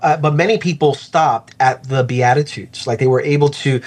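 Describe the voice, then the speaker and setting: A man's voice: mid-range voice, a little mellow. Reflective, earnest middle-aged man pastor. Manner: reflective, earnest, slows down to stress points. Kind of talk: faith interview conversation.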